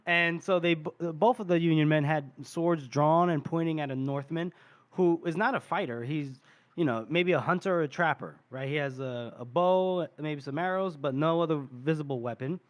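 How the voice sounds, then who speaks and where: A man's voice: fairly high pitch, normal speed. A man co-hosting a podcast, animatedly retelling a story and laughing often. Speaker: podcast host. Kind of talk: casual chat.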